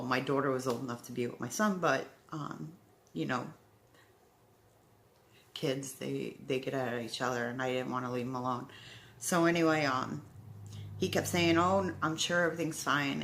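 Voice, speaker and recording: Low-voiced emotional woman in her forties. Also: a bit bright, a little hiss or hum. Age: 40s. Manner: halting, emotional, many fillers and restarts. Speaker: heart attack survivor telling her story. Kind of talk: personal storytelling to camera.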